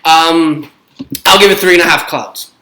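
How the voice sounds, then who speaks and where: A man with a Brooklyn accent co-hosting a casual podcast, sounding tired and low-key. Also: unhurried, pushed and bright, a little hiss or hum. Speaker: podcast co-host. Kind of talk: casual chat. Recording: echoey room.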